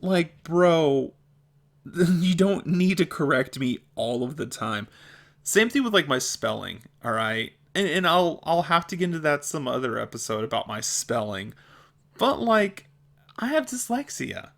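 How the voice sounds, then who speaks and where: A man's voice: medium pitch, sing-song, moderate pace, vocal fry, a bit bright. A man talking casually to camera in a vlog, often stumbling over and repeating words and laughing at his own slips. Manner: chatty and self-deprecating. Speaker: video creator.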